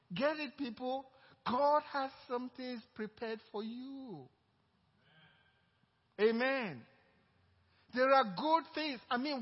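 A male pastor preaching a sermon, lively and chuckling between points, slowing to stress scripture quotes. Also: very high-pitched, slightly rough. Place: church sanctuary. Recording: reverberant hall, dull lo-fi sound.

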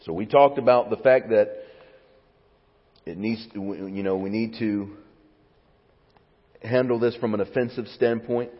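Man preaching, husky, muffled sound, reverberant church, fervent sermon. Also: lowish voice, unhurried, pauses often. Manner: builds to fervent, rising pleas, then drops to quiet teaching. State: near tears. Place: church sanctuary. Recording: dull sound with long hall reverb.

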